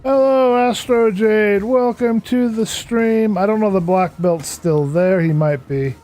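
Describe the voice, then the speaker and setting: A man's voice: sits high, measured pace, darkish tone. A tired, worn-out man streaming a building game, rambling to himself as he works and greeting viewers in chat. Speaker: Minecraft streamer. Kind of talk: casual live-stream commentary while building. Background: background game music.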